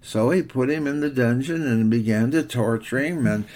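A man's voice: medium pitch, moderate pace, darkish tone. An older man, a pastor, giving a folksy devotional sermon in a rambling, homespun storytelling manner.

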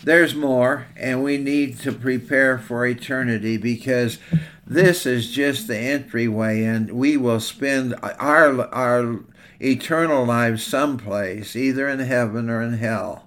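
A pastor preaching a sermon, telling illustrative stories in an earnest way and slowing down to stress key lines. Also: male voice, mid-range voice, steady tone, fairly bright tone.

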